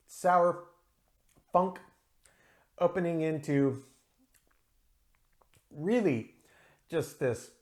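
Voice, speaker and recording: A man's voice: on the high side, darkish tone. Male beer reviewer, enthusiastic, talks through tasting notes with plenty of ums. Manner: enthusiastic, descriptive, frequent um and uh. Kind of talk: casual solo review.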